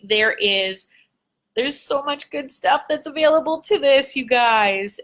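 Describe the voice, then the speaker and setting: A woman's voice: medium pitch, fairly bright tone. A young adult woman, a business coach, talking to her followers in a bubbly, gushing, chatty livestream. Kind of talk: casual livestream talk to followers.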